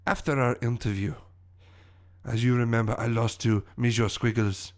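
A man's voice: medium pitch, fairly even intonation, normal speed, lightly acted. A man puts on a pompous French tennis villain seeking revenge. The put-on French accent is broad, and every line sounds theatrical and indignant.

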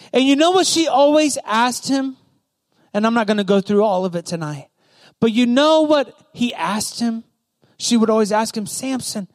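A young man preaching a sermon to youth, emphatic and repetitive, checking in with the crowd with "right?". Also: very high-pitched.

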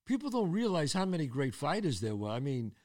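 A man, hosting a casual chat and telling stories with lively exclamations. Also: fairly high pitch, a little fast. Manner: animated, exclaiming storyteller. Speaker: host.

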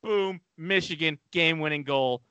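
Male podcast host, bright-toned and jokey, retells stories and does put-on voices, dry close mic. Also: fairly high pitch, normal speed, clear, resonant tone, no echo, dull audio. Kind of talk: casual sports chat, animated storytelling.

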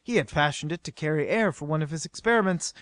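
A man's voice: a little high, fast talker, fairly bright tone, no room sound, lightly acted. A man voicing the queen of an undersea city, a woman who speaks in an old-fashioned way. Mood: wondering. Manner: archaic, wondering speech.

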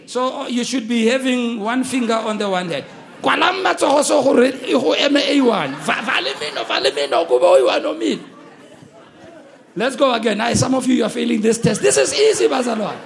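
A man preaching a sermon, with emphatic call-and-response delivery and shouted key lines. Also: extremely high pitch, very animated, brisk, vocal fry, a faint crowd.

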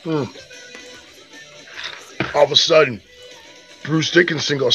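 A man's voice: mid-range voice, unhurried, pauses often, dull audio, soft background music. A man telling a rowdy story as a podcast co-host, swearing freely and acting out the voices of the people in it. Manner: profane, animated, acts out quoted voices. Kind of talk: casual storytelling.

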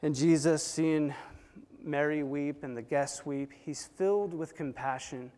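A man preaching a sermon, retelling a story with dramatic swings between hushed and loud delivery. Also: on the high side, fairly even intonation, unhurried. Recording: long hall reverb.

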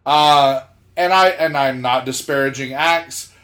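A man's voice: mid-range voice, unhurried. A man from South Georgia, a podcast co-host, telling a story in casual chat, laughing as he talks and acting out the lines of people in it. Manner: animated, laughs mid-sentence, acts out quotes.

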